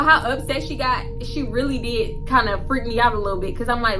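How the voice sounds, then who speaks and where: Animated, slangy woman telling a story. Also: fairly high pitch, brisk, hardly any pauses, over music. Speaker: vlogger. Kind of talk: casual storytime.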